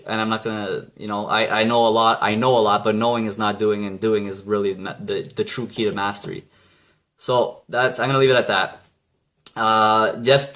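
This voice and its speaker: A man's voice: lowish voice, fairly bright tone. A man talking casually to camera, giving blunt, rambling motivational advice full of restarts and mild swearing. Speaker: vlogger.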